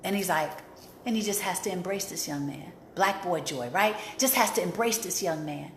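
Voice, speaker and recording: Hosting an inspirational talk, this life coach speaks at normal speed in a voice on the low side. She drives her message home emphatically by repeating key phrases, and the recording has a roomy echo plus a little hiss or hum.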